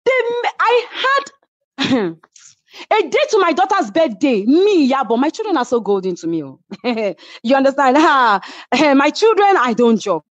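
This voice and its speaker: Speaking at a measured pace in a high, sing-song voice, a reality show cast member with a Nigerian accent tells her version of events in an interview. She's animated and emphatic, often checking "do you understand?", and the dull lo-fi recording has no echo.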